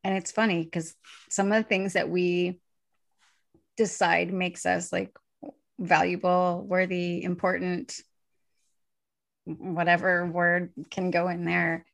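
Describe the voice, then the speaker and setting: A young woman hosts a loose, casual conversation, chatty and quick to laugh. Her voice carries a gravelly, creaky edge, and she slips into little acted-out quotes as she tells her stories. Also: on the low side, level tone, a bit bright. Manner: chatty, laughs often, acts out quoted lines. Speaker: podcast host. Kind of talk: casual chat.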